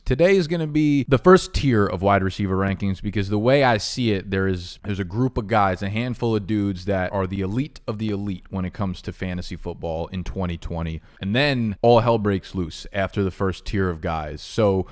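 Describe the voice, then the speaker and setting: A man hosting a fantasy football video, talking casually and playfully, swinging between loud bursts and low asides, with frequent swearing. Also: moderate pace, few pauses.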